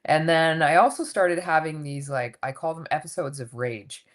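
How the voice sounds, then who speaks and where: A woman in her fifties, a coach and podcast guest, telling her story in a candid, animated way and swearing casually. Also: low voice, moderate pace. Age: 50s.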